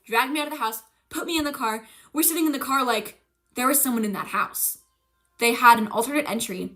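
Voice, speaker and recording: A young woman with a bright, forceful voice pitched a little high tells a story in a casual stream chat. She swears freely and acts out the voices of the people in her story. She is animated and jumps between hushed and loud. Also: brisk. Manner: animated, profane, acting out quoted voices with laughs.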